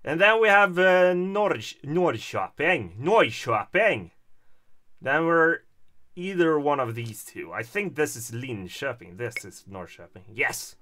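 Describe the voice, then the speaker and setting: With a Swedish accent, a Stockholm man chats casually on a livestream, his somewhat high voice sounding pushed and bright at a measured pace. His commentary wanders and hesitates, broken up by frequent chuckles.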